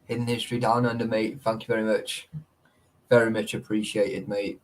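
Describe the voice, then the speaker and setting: A man's voice: lowish voice, flat delivery, moderate pace, rough recording. A man hosting a casual live stream. He talks in a laddish way, swears a lot and laughs often. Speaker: livestream host.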